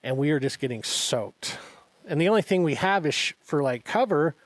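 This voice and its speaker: A man co-hosting a podcast, telling a long anecdote in a casual, animated way and acting out what everyone said. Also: on the high side, normal speed, dry recording. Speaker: podcast co-host. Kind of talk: casual storytelling chat.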